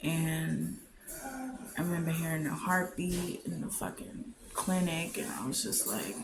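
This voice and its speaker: A woman giving a candid, heartfelt personal message to camera, often halting and trailing off softly. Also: low-pitched, animated, over music. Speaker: vlogger sharing a personal message. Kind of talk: emotional personal testimony to camera.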